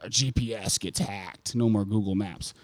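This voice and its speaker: A man's voice: fairly low pitch, fairly even intonation, moderate pace. A man co-hosting a casual podcast, rambling and swearing freely as he tells stories, on a close mic. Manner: profane, rambling storyteller. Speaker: podcast co-host.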